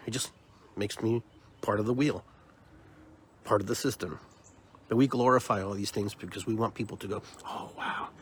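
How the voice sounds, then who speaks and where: A man's voice: on the low side, slight background noise. A man hosting a podcast, delivering an emphatic, opinionated monologue and often repeating words as he builds his point. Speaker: podcast host.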